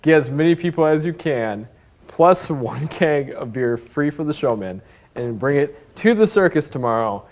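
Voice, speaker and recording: A young player in a tabletop game, delivering drawn-out deadpan lines in character. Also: medium pitch. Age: young adult. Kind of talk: playing a tabletop game on radio.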